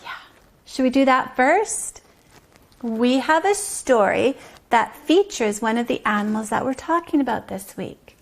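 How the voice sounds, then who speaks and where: A woman teacher reading a story aloud to toddlers, slow and gently explaining. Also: on the high side, expressive. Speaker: preschool teacher.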